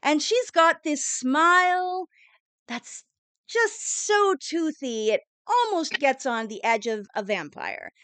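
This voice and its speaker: A woman's voice: high-pitched, fairly bright tone, no room sound. A woman narrating as game master of a tabletop role-playing game, describing scenes with frequent fillers.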